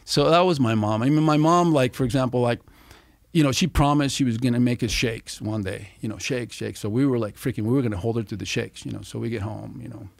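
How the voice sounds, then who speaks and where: Gravelly middle-aged man telling stories. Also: mid-range voice, fast, no echo, clean studio sound. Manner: animated storyteller, swears freely, acts out quotes. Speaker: podcast guest. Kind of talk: casual storytelling.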